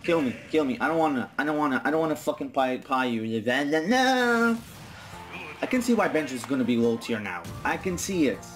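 A man's voice: fairly high pitch, lively intonation, normal speed, a bit bright. Young man ranting over a video game. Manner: frustrated, swears a lot, rants. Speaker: gaming YouTuber. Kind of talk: gameplay commentary. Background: faint game music.

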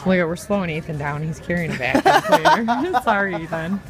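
A woman's voice: lowish voice, sing-song, a little fast, loud music behind the voice, rough recording. A woman, a mother, chatting casually and teasingly to viewers while filming her family at home and in a store on a handheld camera. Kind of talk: casual family vlog chat. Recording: handheld camera with background noise.

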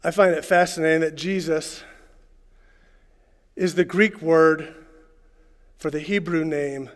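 A man preaching a sermon as pastor, swinging from loud, fervent lines to soft, hushed asides. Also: fairly high pitch, fairly even intonation, slow pace, pauses often, long reverb tail. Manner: preacherly, rising to shouts and dropping to hushed tones. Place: church sanctuary.

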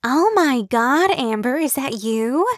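A woman voicing an excitable, breathless young woman who gushes in a rushed, high voice. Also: no echo, studio quality, close to an everyday voice. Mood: gushing.

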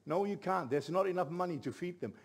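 A middle-aged man, a pastor telling a story in a sermon with lively, building delivery. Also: high voice, fairly quick, slightly rough. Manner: animated storyteller, rising to shouts at climaxes.

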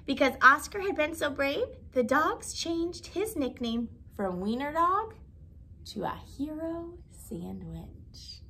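Teacher reading a kids' story, slow and lively, with a gravelly edge, in a quiet room with faint hum. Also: female voice, sits high. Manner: expressive, animated reading. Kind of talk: storybook read-aloud.

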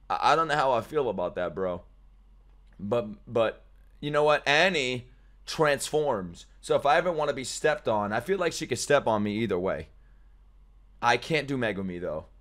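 Excitable, profane young male streamer. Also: medium pitch. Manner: excitable and profane, jumping between loud outbursts and mumbled asides. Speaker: streamer reacting to anime. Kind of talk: casual reaction commentary.

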